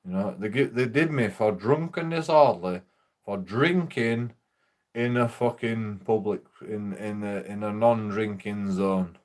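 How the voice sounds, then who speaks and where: A man's voice: lowish voice, unhurried, a little mellow. A young man chats loosely and swears freely. He rambles from one story to the next, laughing as he goes, in a casual streaming talk. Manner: sweary, rambling, laughs through his stories.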